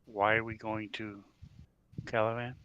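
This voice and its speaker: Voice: medium pitch, flat delivery, measured pace, a bit bright, clear, resonant tone, muffled recording. A player in a tabletop game who asks clarifying questions.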